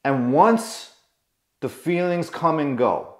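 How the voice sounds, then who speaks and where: A man's voice: on the high side, expressive, takes it slowly, echoey room. A man coaching to camera in an emphatic way, repeating himself and asking rhetorical questions. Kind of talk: motivational lesson to camera.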